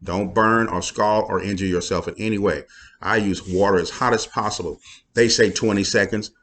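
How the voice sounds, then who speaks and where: Deep-voiced folksy pastor. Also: male voice, fairly even intonation, moderate pace, a bit bright. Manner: folksy, preachy, playful asides. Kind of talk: casual talk to viewers.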